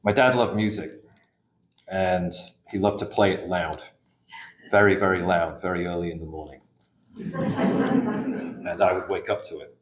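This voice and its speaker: Deep-voiced man reading poetry in an echoey café. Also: big pitch swings, dull audio, a little hiss or hum. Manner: measured, unhurried reading, hesitant between poems. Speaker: poet. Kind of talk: poetry reading with spoken asides. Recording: echoey room recording.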